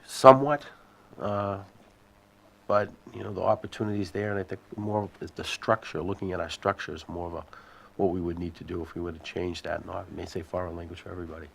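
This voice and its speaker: A man serving as school superintendent, answering committee questions in a measured, explanatory way and thinking aloud as he goes. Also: deep voice, steady tone, vocal fry, fairly bright tone, a little hiss or hum.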